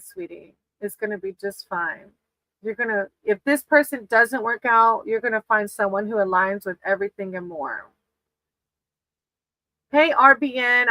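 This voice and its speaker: A woman's voice: a little high, sharp tone, no echo, poor audio. A woman doing casual live tarot readings for viewers, affectionate and often laughing, calling people sweetie. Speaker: tarot reader on a livestream.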